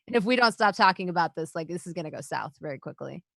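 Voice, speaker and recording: A woman's voice: lowish voice, animated, brisk, creaky, dry recording, clean studio sound. A woman co-hosting a podcast in casual chat, blunt and candid, swearing freely. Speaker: podcast co-host.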